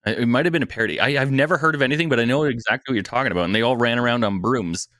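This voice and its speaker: A man's voice: medium pitch, rapid-fire, fairly bright tone, no echo, clean studio sound. A man guesting on a podcast, chatting casually in a jokey, exaggerating way and laughing often. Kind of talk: casual chat.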